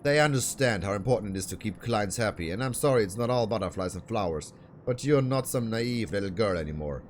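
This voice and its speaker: A man reading lines for a scornful, abusive talent manager in a game, fairly low voice. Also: expressive, brisk, a little hiss or hum, close to an everyday voice. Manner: scornful, bullying. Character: abusive middle-aged male talent manager, bullying.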